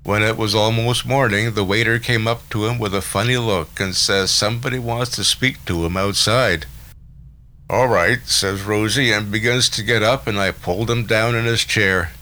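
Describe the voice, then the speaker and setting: A man's voice: fairly low pitch, fairly even intonation, normal speed, pushed and bright. A man voicing a gloomy, sentimental old gangster who talks bluntly and earnestly in a storybook reading. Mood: brooding.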